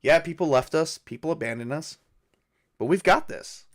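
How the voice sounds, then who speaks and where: Man doing a steady woman survivor, hushed, soothing, tabletop role-play. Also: a little high, normal speed, close to an everyday voice.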